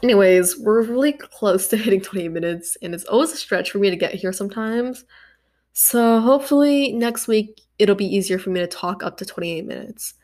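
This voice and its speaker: A woman talks alone on her podcast in a loose, rambling way. She pokes fun at herself as she goes. Her pitch sits in an ordinary middle range. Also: moderate pace, darkish tone. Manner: rambling, self-deprecating and chatty. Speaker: podcast host. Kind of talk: solo casual podcast chat.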